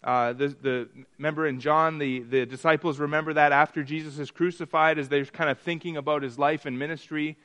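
A man teaching a Bible study, often stumbling and restarting, sometimes acting out quoted voices with rising excitement. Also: a little high. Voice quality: halting, repeats words and restarts often. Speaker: pastor.

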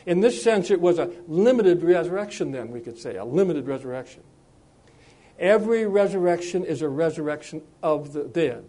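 A man delivering a sermon in a fairly high but mellow voice. He speaks with frequent pauses, fillers and restarts. When he reads scripture he slows down and raises his voice. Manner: measured, with frequent hesitations and restarts. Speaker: preacher.

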